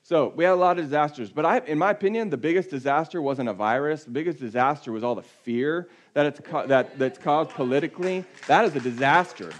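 A man preaching a sermon in a conversational way. He often drops to a low, quiet voice for emphasis. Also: a little fast, hardly any pauses. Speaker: pastor.

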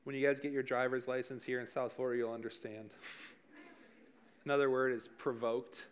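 A man's voice: medium pitch, flat delivery, fairly quick, clean tone. A young man preaching as a youth pastor, talking casually, joking, and asking his listeners questions. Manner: joking, conversational, addresses the room directly.

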